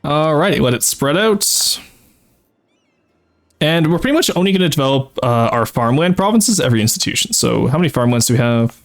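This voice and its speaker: With a slightly high, brisk voice and lively intonation, a streamer thinks aloud over a strategy game. His casual commentary explains his tactics, peppered with frequent fillers.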